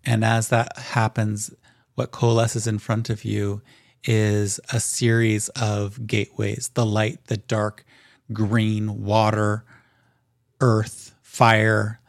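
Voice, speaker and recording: A man narrating a tabletop game as game master in a calm, descriptive way. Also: fairly low pitch, takes it slowly, creaky, no echo, studio quality.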